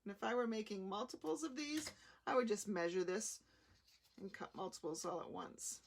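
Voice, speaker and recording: A woman with a slightly gravelly, mid-pitched voice talks viewers through a card-making project during a live show. She is chatty and unhurried, explaining each cut and placement as she goes. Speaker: craft demonstrator.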